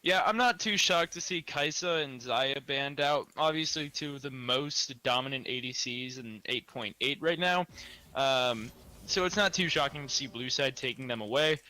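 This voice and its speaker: A man casting a live esports match, chatty and opinionated and quick to laugh. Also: mid-range voice, sharp tone, dry recording. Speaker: esports caster.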